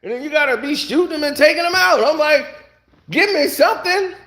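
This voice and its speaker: High-voiced animated man, echoey room. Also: fast talker. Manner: animated, laughs often, acts out other people's voices. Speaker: TV review vlogger. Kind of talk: casual comedic review rant.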